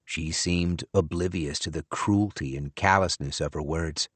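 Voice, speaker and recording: A man giving measured first-person narration of an audiobook. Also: extremely low pitch, dry recording. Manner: measured, even storytelling.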